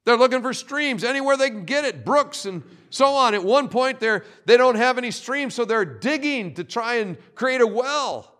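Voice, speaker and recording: A man preaching a sermon, telling stories in an animated way, often repeating words. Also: extremely high pitch, moderate pace, few pauses. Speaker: pastor.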